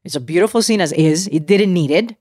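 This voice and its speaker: A woman in her forties, an actress guest telling a personal story candidly, animated and full of restarts and asides. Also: lowish voice, fairly quick, dry recording. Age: 40s.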